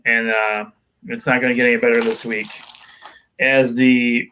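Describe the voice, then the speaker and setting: A man's voice: medium pitch, level tone, moderate pace, bright, forceful tone, poor audio. A man hosting a casual local sports show, rambling through predictions with many restarts and "uh"s. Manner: rambling, with frequent fillers and restarts.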